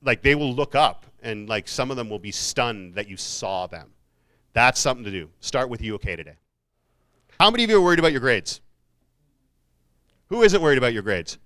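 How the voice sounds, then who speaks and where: A man's voice: mid-range voice, very animated, a little fast, bright, forceful tone. A man giving a casual, jokey motivational talk to students, with self-mocking asides, speaking in a university hall. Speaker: keynote speaker.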